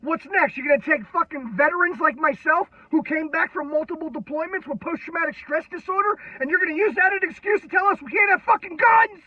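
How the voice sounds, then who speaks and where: Brief: furious veteran ranter, strained very high voice, constant swearing, dull lo-fi recording. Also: male voice, fast talker, hardly any pauses, no room sound. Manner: irate, heavily profane, shouting. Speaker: military veteran ranting on video. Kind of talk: angry political rant. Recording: dull lo-fi, dry sound.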